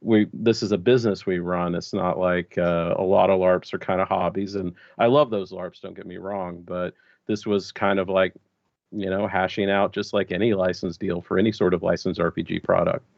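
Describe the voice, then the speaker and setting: Male guest, lower register, easygoing and chatty, lo-fi video-call sound. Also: moderate pace, gravelly, dry recording. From Texas. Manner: relaxed, chatty, with fillers. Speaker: guest, larp designer. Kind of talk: casual video-call interview.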